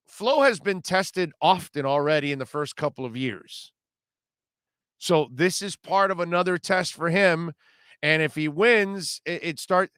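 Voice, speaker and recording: A man hosting a live sports talk radio show, reading listener comments and reacting in an animated, emphatic way, often repeating himself. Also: a little high, clean tone, no room sound, clean studio sound. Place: radio studio.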